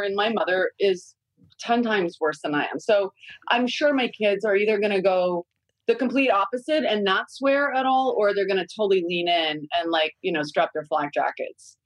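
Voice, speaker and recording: A woman's voice: mid-range voice, dry recording, rough recording. A middle-aged woman guest chatting casually and candidly about raising her young kids, swearing freely. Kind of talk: casual podcast chat.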